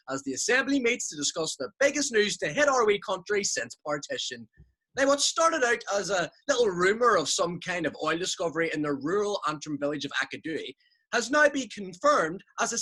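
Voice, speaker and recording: A man's voice: high voice, sharp tone, slightly rough, full character voice. A man playing a showy Northern Irish radio presenter who hypes everything up, with a Northern Irish accent. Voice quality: showy, hyped-up. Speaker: comic performer.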